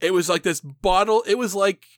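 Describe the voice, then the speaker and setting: A man's voice: high voice, normal speed, a bit bright, dry recording, clean studio sound. A man telling a long, rambling story in casual chat, swearing freely and laughing as he goes.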